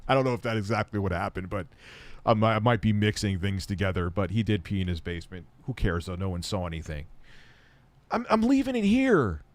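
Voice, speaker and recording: A man's voice: low-pitched, fairly even intonation, quick pace. A man answering viewer questions on a casual live stream, blunt and rambling, often heated and swearing.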